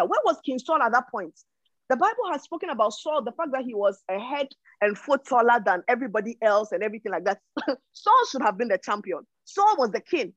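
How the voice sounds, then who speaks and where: A woman's voice: on the high side, breathy edge, no echo, muffled recording. A woman teaching from the Bible in a sermon style. She reads verses aloud, then explains them with emphasis and often repeats words as she thinks.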